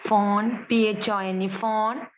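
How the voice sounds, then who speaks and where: A woman's voice: mid-range voice, steady tone, unhurried. A woman student from Sri Lanka answers in an online class, spelling words letter by letter. Her voice comes through a thin, phone-like line with a faint hiss behind it.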